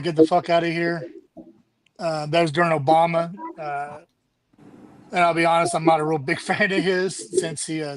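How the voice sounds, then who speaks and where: A middle-aged Army veteran who founded a charity chats candidly as a guest on a casual show, swearing now and then. His voice is fairly high, and the recording is low quality.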